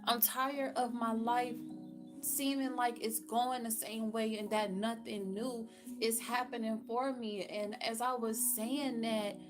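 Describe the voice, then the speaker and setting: A woman's voice: a little high, steady tone, takes it slowly, music in the background. A woman giving a candid personal faith testimony, earnest and frank, repeating phrases for emphasis. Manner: speaks to God plainly and frankly. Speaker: faith vlogger.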